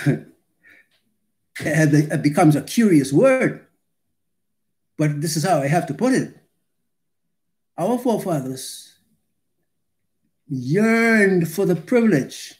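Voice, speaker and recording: Male preacher, fairly high voice, very slow and weighty delivery, emphatic scripture reading. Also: a little mellow. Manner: slow, deliberate and emphatic, with pauses between phrases; reads scripture aloud and rereads for emphasis. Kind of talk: sermon.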